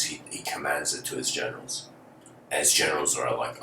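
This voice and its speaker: Low voiced guy telling a story in a lecture, casual and rambly, echoey room, mic far off. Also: very animated, brisk, a bit bright. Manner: casual, rambling, with fillers like "you know". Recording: roomy, distant mic, faint noise.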